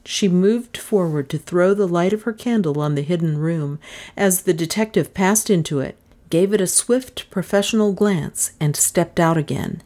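A woman reading a novel aloud in measured, dramatic narration. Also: fairly low pitch, warm tone. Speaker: audiobook narrator. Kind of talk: scripted narration.

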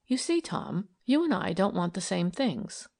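A woman's voice: medium pitch, very animated, measured pace, vocal fry, heavily acted. A woman playing a placid young woman detective. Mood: earnest. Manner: placid, gentle, earnest.

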